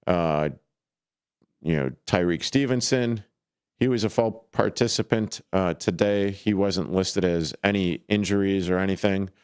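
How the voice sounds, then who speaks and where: Deep-voiced man rambling on sports radio. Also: unhurried, clean tone, no room sound, studio quality. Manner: rambling, with fillers and restarts. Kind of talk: casual sports talk with call-ins. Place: radio studio. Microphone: studio microphone.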